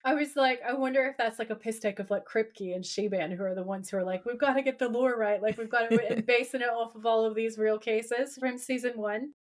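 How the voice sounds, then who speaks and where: A woman with a somewhat high voice chats casually on a podcast as a co-host. She retells a TV episode in an animated way, quoting the characters and swearing freely. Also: a little fast, hardly any pauses. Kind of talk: casual chat recapping a TV episode.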